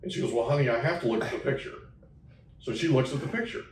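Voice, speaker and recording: A man's voice: medium pitch, fast, a little hiss or hum. A man hosting an interview, telling a story with emphasis and often checking in with "okay?". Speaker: podcast host. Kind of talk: casual interview chat. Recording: echoey room, mic at a distance.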